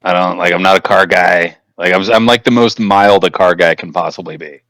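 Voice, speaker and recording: A young man with a very deep voice co-hosts a podcast in relaxed, foul-mouthed chat. He laughs through his stories. The sound is dry and close to the mic. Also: fairly quick, no room sound. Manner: profane, laughing storyteller. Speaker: podcast co-host. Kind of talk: casual chat.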